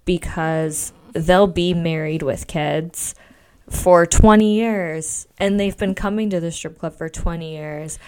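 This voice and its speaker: A woman's voice: fairly low pitch, slow pace, a little mellow, clear, resonant tone. A young woman co-hosting a podcast, talking bluntly and casually and swearing freely. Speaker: podcast co-host. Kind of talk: casual chat.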